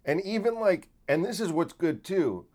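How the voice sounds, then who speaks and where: A man who hosts a podcast and does comedy, talking through a casual solo monologue that rambles, restarts often and swings between loud bursts and quiet asides. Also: sits high, very animated, moderate pace.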